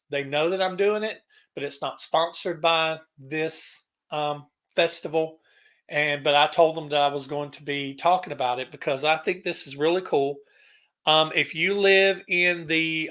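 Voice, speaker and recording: A man's voice: on the high side, sharp tone. A man hosting a casual live stream, rambling and greeting viewers by name as he talks. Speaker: livestream host.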